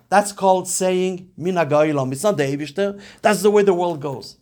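A man with a high, light voice leads a Torah lesson, explaining a Talmud passage with earnest care. He drops Hebrew and Yiddish terms into his English as he goes. At times he pushes into urgent, emphatic exhortation. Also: normal speed, hardly any pauses, a little mellow. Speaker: rabbi teaching Talmud. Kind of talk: Torah class lecture.

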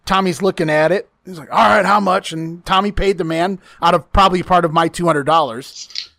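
A man's voice: on the high side, fairly even intonation, a little fast, sharp tone, dry recording. A man hosting a casual chat, telling a long profane story, often laughing and acting out the lines he quotes.

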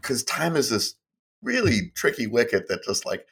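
A man co-hosting a casual podcast, telling stories in a rambling, animated way with lots of fillers and laughs. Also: medium pitch, moderate pace, gravelly, husky. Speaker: podcast co-host.

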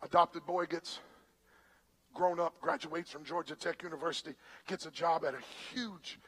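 A man's voice: a little high, fairly even intonation, normal speed, fairly bright tone, slightly rough, poor audio. A male pastor preaching a sermon in a church, telling a joke and directing helpers in an emphatic way. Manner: emphatic, storytelling.

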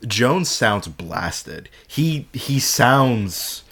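A man's voice: mid-range voice, sing-song, extremely slow, a bit bright, slightly rough. A man co-hosting a casual podcast chat, speaking earnestly and emphatically, with some swearing. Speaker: podcast co-host.

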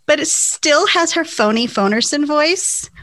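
A woman's voice: high-pitched, expressive, unhurried, a bit bright. A woman co-hosting a casual chat, telling amused asides about the episode. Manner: chatty, amused, storytelling asides. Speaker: podcast co-host.

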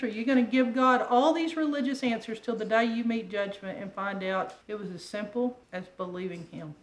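A woman preacher giving a sermon in a conversational, animated way, full of rhetorical questions. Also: high-pitched. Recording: echoey room with faint ambient noise.

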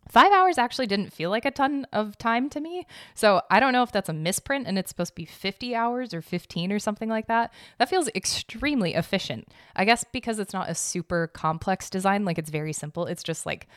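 A woman's voice: medium pitch, lively intonation, a little fast, few pauses, a bit bright, dry recording, clean studio sound. A young woman hosting her own podcast, rambling in a casual, giggly, self-deprecating way and swearing now and then. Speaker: podcast host.

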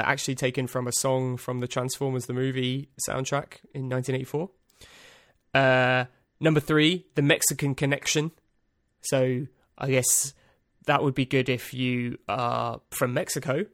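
A man's voice: mid-range voice, level tone, normal speed, a bit bright, no room sound. A man hosting a podcast, reading out a list in a rambling, dry, self-amused way with lots of ums and uhs. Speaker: podcast host. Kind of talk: casual solo podcast monologue.

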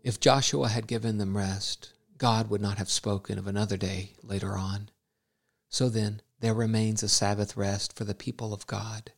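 A man reading a devotional story and scripture in a measured, solemn way. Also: on the low side, little pitch movement, creaky. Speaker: narrator.

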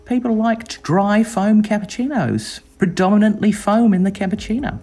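A woman giving an interview, telling stories in a reflective way and slipping into lively voices when she quotes people. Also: medium pitch, normal speed, few pauses, slightly rough. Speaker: interviewee, former competition judge. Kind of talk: reflective storytelling.

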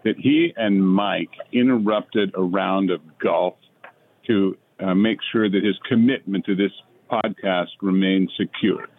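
A middle-aged actor talks wryly and easily in a lowish voice. The sound is thin and phone-like. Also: male voice, unhurried. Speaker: actor guest. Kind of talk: casual podcast chat.

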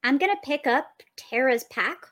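A woman playing a tabletop game, casual and hesitant. Her voice sits high. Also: expressive, moderate pace, a bit bright. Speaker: player.

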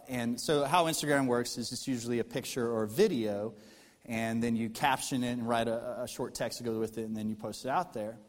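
A man preaching as pastor, explaining his point in an earnest, steady teaching tone. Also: medium pitch. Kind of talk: sermon. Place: large church hall. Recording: long church-hall reverb.

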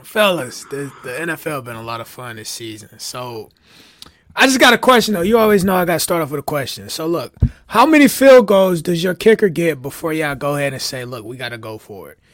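A man with a somewhat high voice talks football in loose, teasing banter. He laughs easily and keeps throwing questions at his co-host. The sound is close and dry, with no room in it. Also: big pitch swings, a little fast, a bit bright, no echo. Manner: playful, laughs often, poses questions. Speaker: podcast co-host. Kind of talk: casual sports chat.

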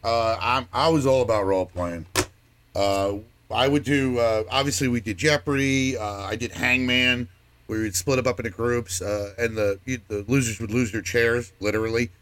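A man's voice: mid-range voice, normal speed, a bit bright, slight background noise. A man who trains people, chatting in an easygoing way on a podcast. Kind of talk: casual podcast chat.

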